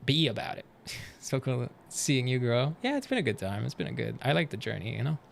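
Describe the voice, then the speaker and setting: A man live-streams, reacting to videos and chatting casually with viewers, animated and cursing freely. His voice is mid-range, brisk and creaky, with a bit of hiss or hum.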